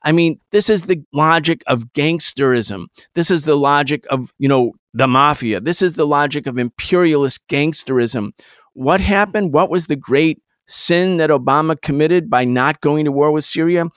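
A man's voice: on the high side, normal speed, fairly bright tone, no room sound. A man hosting political commentary, talking in an indignant, emphatic way into a close studio mic. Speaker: host.

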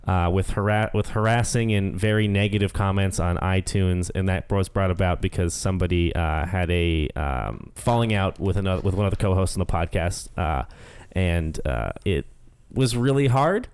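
A man's voice: low-pitched, moderate pace, darkish tone, clean tone. A young man hosting a podcast, talking casually and a little hesitantly, with many fillers and frequent laughs. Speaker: podcast host. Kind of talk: casual chat.

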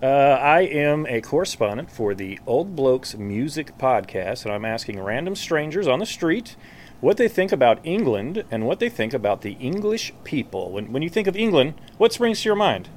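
A man's voice: mid-range voice, sing-song, normal speed, darkish tone, slight background noise. A man interviewing passersby on the street in a casual, upbeat way, laughing often. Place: outdoors on a street.

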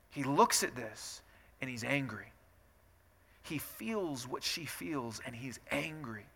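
A man preaching a conversational sermon as pastor, moving from quiet reflection to loud, emphatic passages. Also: medium pitch.

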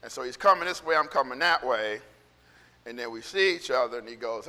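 A male pastor speaks fairly quickly in a mid-range voice with a sharp edge, preaching casually in a church sanctuary. He tells a rambling story full of restarts that grows into fervent, repeated encouragement, with the long reverb of a hall.

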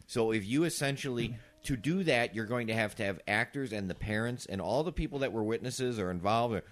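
A man's voice: mid-range voice, fairly quick. A man co-hosting a casual podcast, reasoning aloud and arguing his points through rhetorical questions. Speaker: podcast co-host.

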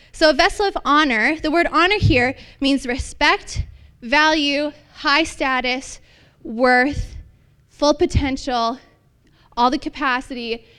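Woman pastor, high voice, young adult, bubbly, chatty sermon. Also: a bit bright. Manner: bubbly, upbeat, chatty with many "like"s.

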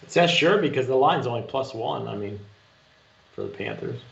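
Gravelly man on a muffled mic. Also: mid-range voice, expressive, moderate pace, a bit bright, a little hiss or hum. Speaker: panelist. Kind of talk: casual group chat.

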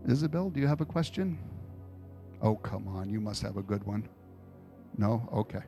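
A man's voice: medium pitch, normal speed, soft background music. A man preaching an informal sermon to a congregation, telling personal stories in a conversational way and taking questions. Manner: conversational storytelling, animated retellings. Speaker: pastor.

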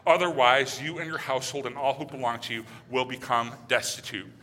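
A man preaching a sermon in a conversational way, reading scripture aloud and dropping to quiet, hushed passages. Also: medium pitch, a little fast. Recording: hall reverb.

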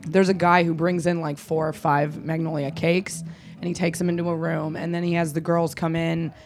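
A woman's voice: deep voice, little pitch movement, normal speed, darkish tone, soft background music. A woman who is a guest on a podcast, casually telling stories and laughing often. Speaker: dungeon worker guest.

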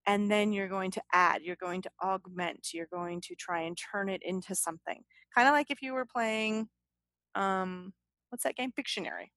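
A woman's voice: medium pitch, moderate pace, fairly bright tone, no echo. A woman co-hosting a podcast, talking casually and upbeat, with plenty of fillers and restarts. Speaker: podcast co-host.

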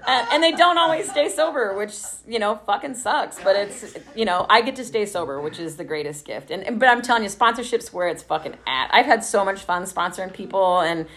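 A woman's voice: mid-range voice, expressive, brisk, hardly any pauses, a bit bright. A woman from Texas telling her recovery story in a casual, chatty way, swearing freely and laughing often.

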